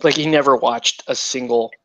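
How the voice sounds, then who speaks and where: A man's voice: mid-range voice, fairly even intonation, moderate pace, dry recording, muffled recording. A man hosts a casual chat at his painting desk and talks into a headset in a mid-range voice. He rambles and jokes and often restarts his sentences. The sound is dry and close. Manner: rambling, joking, with many restarts and laughs. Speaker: host of a miniature painting stream.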